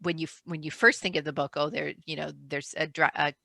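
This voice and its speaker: Low gravelly-voiced woman chatting on a call. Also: level tone, quick pace, pushed and bright, no room sound. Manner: chatty, self-interrupting, laughs often. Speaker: author. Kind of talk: casual chat. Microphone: video call.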